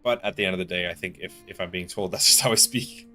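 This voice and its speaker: Man, Canadian East Coast accent, young adult, quick slangy banter, fairly low voice, faint music behind. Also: pushed and bright. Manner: fast, joking, slangy. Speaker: livestream gamer. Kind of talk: casual chat with chat while gaming.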